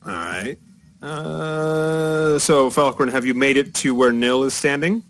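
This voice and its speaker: Relaxed male game master. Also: medium pitch, slow pace. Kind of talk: narrating a tabletop game.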